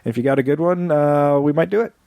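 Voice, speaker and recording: A man co-hosting a podcast in relaxed, casual chat, laughing often and reading out show plugs. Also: on the high side, fast talker, vocal fry, smooth, no room sound. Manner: easygoing, laughs often, fillers and restarts. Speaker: podcast co-host.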